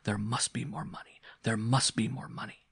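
A man reading a story aloud, voicing the unseen whisper of a haunted house in a breathy, unvoiced whisper. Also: mid-range voice, normal speed, fairly bright tone, no echo, clean studio sound, exaggerated voice. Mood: eerie. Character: the house's eerie whispered demand, a thing.

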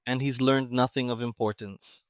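A brisk, cynical army major speaks in crisp, clipped phrases, as a male reader puts him on. The sound is dry, with no reverb. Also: mid-range voice, steady tone, lightly acted.

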